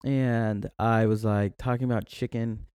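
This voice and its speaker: Animated young man telling stories. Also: lowish voice, unhurried, clean tone, no echo, studio quality. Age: young adult. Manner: animated, laughing storyteller. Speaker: podcast guest. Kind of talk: casual chat.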